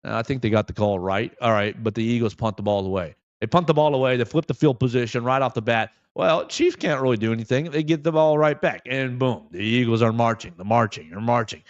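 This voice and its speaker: A man hosting a sports talk show, giving solo commentary in an animated way and repeating phrases for emphasis. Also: mid-range voice, fairly quick, few pauses, no room sound, highs cut off.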